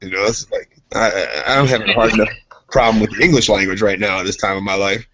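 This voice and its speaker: A man's voice: fairly low pitch, fast talker, background noise. A man co-hosting a casual podcast, telling rambling stories and acting out the other voices in them. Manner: animated, acts out voices in his stories. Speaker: podcast co-host. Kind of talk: casual chat, storytelling. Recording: dull lo-fi podcast audio.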